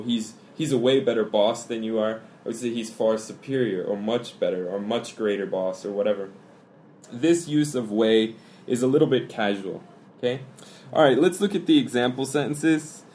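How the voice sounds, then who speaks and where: A man hosting a casual podcast, explaining English expressions and switching into quick Korean. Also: medium pitch, a little mellow, a little hiss or hum. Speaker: podcast host and English teacher. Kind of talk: casual bilingual language lesson.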